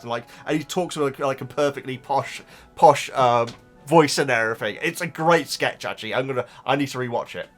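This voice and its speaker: Reading out viewer comments, a YouTube reactor rambles in a relaxed, casual chat. His voice is mid-range and fairly bright, and he frequently trips over repeated words.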